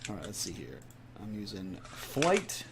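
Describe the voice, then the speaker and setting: Male player, lowish voice, muses and hedges, casual game-table talk. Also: wildly swooping pitch, unhurried, background noise. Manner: thinks aloud with fillers.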